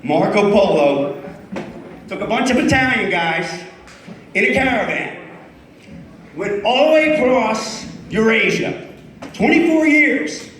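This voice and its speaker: A fifty-something stand-up comic talks with the crowd and mocks himself in a high, fairly bright voice. There's a little hiss or hum, the club room echoes, and he's off the mic.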